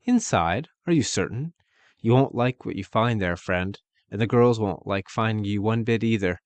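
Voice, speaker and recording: A man's voice: fairly low pitch, moderate pace, no echo, lightly acted. A man voicing a courteous, wry male doctor with a genteel, lightly mocking manner.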